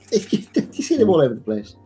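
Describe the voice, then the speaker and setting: A man speaking as a player in a tabletop game, talking haltingly with restarts. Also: sits high, wildly swooping pitch, dark tone, husky, soft background music. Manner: halting, stumbling speech with laughs. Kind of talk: casual tabletop play.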